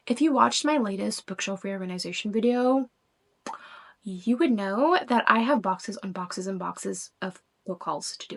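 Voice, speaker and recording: A woman, chatting excitedly about her books and now and then dropping to a whisper. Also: a little high. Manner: gushing, excitable, drops into whispers. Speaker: book vlogger. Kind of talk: casual book haul chat.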